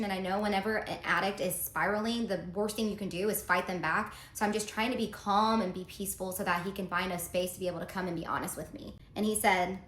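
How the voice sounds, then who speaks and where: Earnest and confiding, this woman shares her personal story in a relaxed storytime format, reading out text messages as she goes. Her voice sits on the low side with a fairly bright tone, captured with roomy echo and faint background noise.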